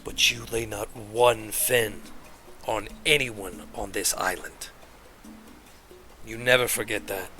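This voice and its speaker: A cold, commanding orca crime boss holds his crew in low, measured tones, as a man puts him on. His voice stays quiet and threatening. The delivery is slow. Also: fairly even intonation, faint music behind. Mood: menacing. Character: menacing male orca gang boss, calm and commanding.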